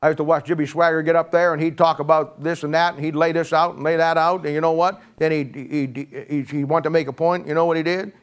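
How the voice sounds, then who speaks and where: Folksy older man preaching, slightly high voice. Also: level tone, fast, hardly any pauses, smooth. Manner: joking, rambling storyteller with frequent restarts. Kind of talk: folksy conversational sermon.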